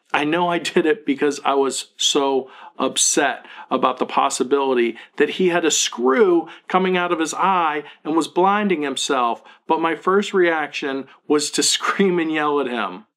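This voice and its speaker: A man's voice: a little high, a little slow, a bit bright. A man in his thirties, a parenting blogger, talking earnestly and self-critically to camera in a confessional vlog.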